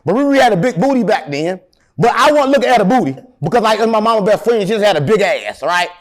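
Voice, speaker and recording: A middle-aged man, telling long rambling stories with deadpan jokes as an interview guest. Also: high voice, fast. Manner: animated, rambling, deadpan joking. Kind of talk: rambling storytelling in casual interview.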